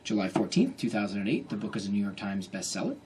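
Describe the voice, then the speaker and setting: A man in his thirties telling a comic story to an audience at a book event, animated and self-mocking, acting out his own inner voice. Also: lowish voice, fast talker, crowd noise.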